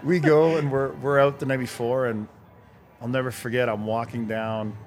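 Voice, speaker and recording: Man telling a lively locker-room story. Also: mid-range voice, moderate pace. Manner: animated anecdotes, acting out quoted dialogue. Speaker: guest, former pro hockey player. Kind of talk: casual storytelling chat.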